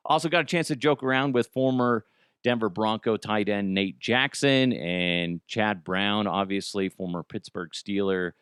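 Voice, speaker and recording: A man with a Cajun accent hosts his podcast in a loose comedic monologue. His pitch swings widely as he jumps between shouted bits and muttered asides. The sound is dry and close. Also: dry recording. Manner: animated, swings between loud outbursts and mumbled asides. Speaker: podcast host.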